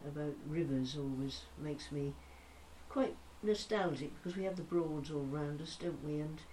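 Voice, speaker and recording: An older woman presenting a talking newspaper, chatting to listeners in a fond, gently humorous way. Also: low voice, moderate pace, slight background noise. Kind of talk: casual chat to listeners.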